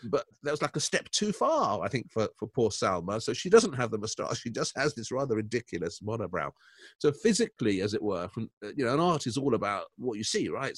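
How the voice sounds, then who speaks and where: Animated older man critiquing a film. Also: medium pitch, no echo, clean studio sound. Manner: animated, laughing, digressive. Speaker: art critic, podcast co-host. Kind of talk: casual critical chat.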